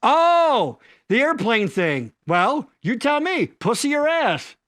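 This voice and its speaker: A man's voice: very high-pitched, very animated, measured pace, a bit bright, dry recording. A man co-hosting a live stream from his basement studio, rambling through crude jokes and mock-pleading bits. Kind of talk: crude comedic banter.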